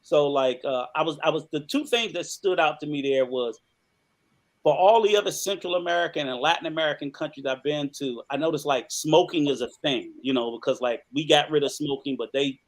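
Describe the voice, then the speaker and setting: A man with a slightly raised pitch hosts a relaxed group chat. He talks loosely, circling back and restarting, and drops curse words without a thought. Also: fairly quick. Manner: loose, rambling, swears casually. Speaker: podcast host. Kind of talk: casual chat.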